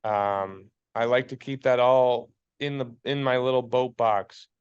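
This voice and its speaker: A man's voice: medium pitch, a little slow, smooth, dull audio. A man co-hosting a fly fishing podcast in casual chat, blunt and fired up, swearing freely and preaching his point.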